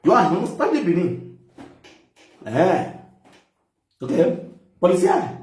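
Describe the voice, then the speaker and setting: High-voiced mocking Nigerian man, echoey room. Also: big pitch swings, slow pace, a little mellow. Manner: mocking, teasing, breaks into laughter. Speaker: comedian. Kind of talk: comic mock phone call. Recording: echoey room, mic at a distance.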